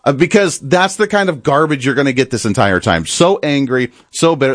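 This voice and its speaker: A man's voice: medium pitch, lively intonation, fairly quick, few pauses, no room sound, studio quality. A man hosting a political commentary show, talking emphatically and mocking opponents with sarcasm. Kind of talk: opinionated commentary monologue.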